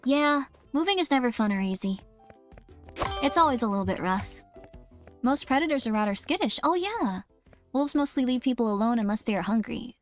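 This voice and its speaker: A woman's voice: on the high side, lively intonation, fairly quick, soft background music. A woman streaming a game in casual chat, rambling and self-mocking, reading chat as she plays. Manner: rambling, self-mocking, jumps into quoted voices.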